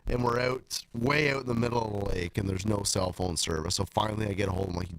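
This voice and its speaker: A man's voice: lowish voice, fast talker, gravelly, few pauses, dry recording, low-quality recording. A man from Canada, a guest angler, telling a blunt, joking fishing story in a studio chat.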